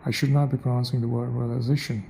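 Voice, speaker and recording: A man's voice: mid-range voice, flat delivery, quick pace, vocal fry, mellow, a little hiss or hum, poor audio. A young man thinking aloud in a casual monologue, repeating phrases as he tries out a way of speaking. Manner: muses aloud, repeats phrases to try them out. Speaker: accent practice vlogger.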